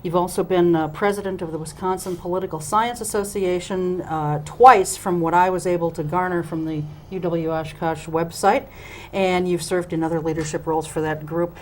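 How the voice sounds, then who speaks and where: A woman hosts a local cable talk show in a slightly low voice, chatty and loose, her sentences full of ums and uhs. Now and then she laughs at herself. A faint hiss sits under the recording. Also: steady tone, normal speed, low-quality recording. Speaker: host. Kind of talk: local TV interview.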